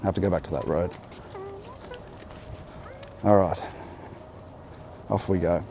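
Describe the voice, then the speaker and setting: Mellow low-voiced General Australian man musing. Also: fairly even intonation, slow, slight background noise. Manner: rambling, reflective, talks to viewers while navigating. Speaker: vlogger. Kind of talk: walking vlog, musing aloud to viewers. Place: outdoors on a walk near a road, with an umbrella in the rain. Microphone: handheld camera.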